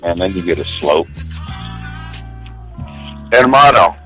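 Very deep, sharp-voiced laid-back man. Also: expressive, slow pace, faint music behind, rough recording. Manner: laid-back, says "man" and "dude" constantly. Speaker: co-host. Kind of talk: casual crude banter.

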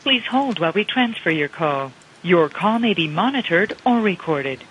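A man's recorded phone menu announcement, flat, formal and scripted. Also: high voice, normal speed. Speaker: automated phone message. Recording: very noisy phone line.

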